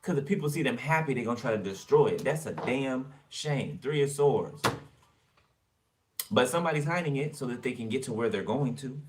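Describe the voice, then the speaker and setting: A man's voice: medium pitch, lively intonation, fairly quick, far from the mic, slight background noise. A man giving a casual tarot reading for viewers, chatty and blunt, swearing freely as he turns the cards. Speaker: tarot reader.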